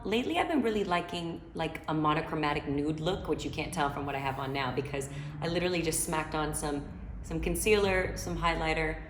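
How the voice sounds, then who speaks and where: A woman's voice: deep voice, roomy sound, a little hiss or hum. A woman singer chatting from home as she answers fan questions, loose and slangy with plenty of filler. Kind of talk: casual chat. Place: her home.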